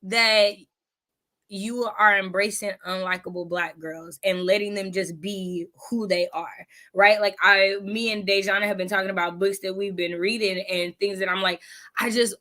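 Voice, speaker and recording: Bright animated woman hosting a book chat. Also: medium pitch, moderate pace. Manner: animated, laughing, acts out her own reactions. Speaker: readathon host. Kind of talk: casual video-call book chat.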